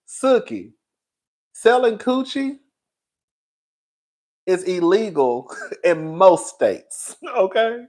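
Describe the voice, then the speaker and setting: A man's voice: high voice, very animated, drawn-out words, long pauses, poor audio. A man hosting a gossip livestream, who laughs often and stretches out his words. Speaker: livestream host. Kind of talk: gossip commentary.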